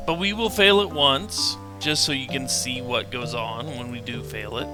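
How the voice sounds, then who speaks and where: A man talks casually over gameplay, walking through a puzzle step by step in a relaxed tone. His pitch sits in an ordinary middle range, with game music clearly audible behind him. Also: moderate pace. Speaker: let's play host.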